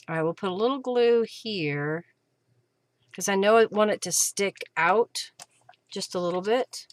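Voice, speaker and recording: Slow, chatty woman demonstrating crafts. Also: mid-range voice. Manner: chatty, thinks aloud with fillers. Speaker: craft host.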